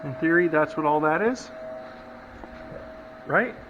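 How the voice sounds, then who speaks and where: A man's voice: fairly high pitch, takes it slowly. A man hosting a shop vlog, chatting casually and joking at himself as he works out a build step by step. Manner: chatty, self-deprecating, thinks out loud. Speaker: hot rod builder and channel host. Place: home workshop, hot day. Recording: muffled audio, faint shop noise.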